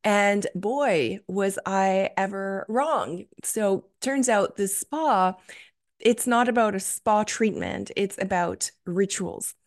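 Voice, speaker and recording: A woman's voice: medium pitch, slow pace. Gushing woman podcast host. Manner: enthusiastic, gushing, many fillers. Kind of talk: solo podcast storytelling.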